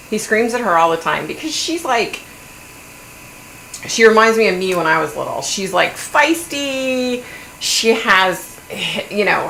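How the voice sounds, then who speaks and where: A middle-aged woman hosting a livestream, chatting in a blunt, animated way and swearing now and then. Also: fairly low pitch, creaky. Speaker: livestream host. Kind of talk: casual gossipy chat. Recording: echoey room, faint hum.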